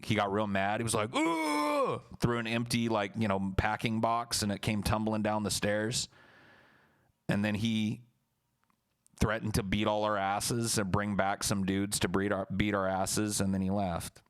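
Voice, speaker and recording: Laid-back, profane young man, low voice. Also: level tone, normal speed, clean tone. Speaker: streamer. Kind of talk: casual storytelling to a live chat.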